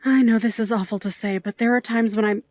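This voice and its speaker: Actress voicing a high-pitched, playful middle-aged aunt; warm teasing, dry studio read. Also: female voice, fairly even intonation, dry recording, close to an everyday voice. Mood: tender. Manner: playful, mock-offended, quick to tears. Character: doting middle-aged aunt, sassy bar worker. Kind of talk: audio drama acting.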